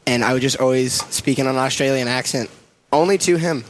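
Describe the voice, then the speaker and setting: A man's voice: medium pitch, brisk, a little hiss or hum. A man chatting playfully among friends. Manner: playful, breaks into jokey accents. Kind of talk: casual chat.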